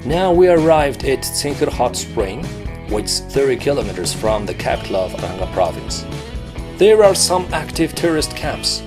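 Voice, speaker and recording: A man's voice: mid-range voice, sing-song, moderate pace, over music. A man hosting a travel show, narrating in a scripted way and posing questions to the viewer.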